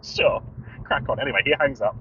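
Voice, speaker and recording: A British man co-hosting a podcast, telling an animated story with laughter and acting out both sides of a phone call. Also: mid-range voice, brisk, a little hiss or hum. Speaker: podcast co-host. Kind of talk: casual storytelling chat. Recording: dull lo-fi sound.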